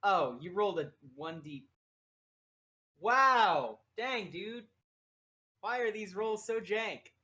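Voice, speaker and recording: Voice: medium pitch, lively intonation, takes it slowly, long pauses, bright, forceful tone. A game master narrating a casual tabletop game, laughing often and filling gaps with ums. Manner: laughing, filler-heavy narration.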